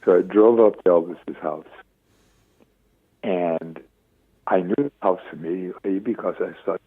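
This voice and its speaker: A man in his seventies, a radio interview guest, telling stories with lively acted-out quotes. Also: low-pitched, measured pace, husky. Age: 70s. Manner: lively storyteller acting out quoted voices. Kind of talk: phone-in radio interview storytelling. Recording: tinny dry phone line.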